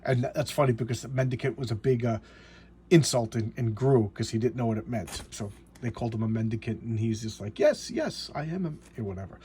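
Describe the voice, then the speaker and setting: A man reviewing a comic book in casual talk, halting and repeating words as he enthusiastically walks through the story. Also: medium pitch, little pitch movement, dark tone, slight background noise.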